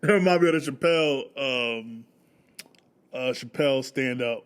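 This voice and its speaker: A man's voice: medium pitch, moderate pace, clear, resonant tone. A man casually reacting to a comedy clip, laughing and tossing in slangy, disbelieving remarks. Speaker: reaction video host.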